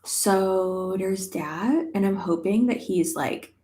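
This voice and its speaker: A woman's voice: medium pitch, slow pace, warm tone, echoey room. A young woman chatting casually to viewers on a livestream, with lots of fillers and offhand swearing. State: pregnant. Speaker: YouTuber.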